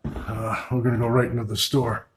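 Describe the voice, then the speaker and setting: Brief: male paranormal vlogger on his own in a dark old store, mid-pitch voice, loud calls then hushed asides. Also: normal speed, slight background noise. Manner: talks to spirits and camera, shifts between loud calls and hushed asides. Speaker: paranormal investigator. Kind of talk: solo ghost-hunting vlog narration. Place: old store building at night, indoors.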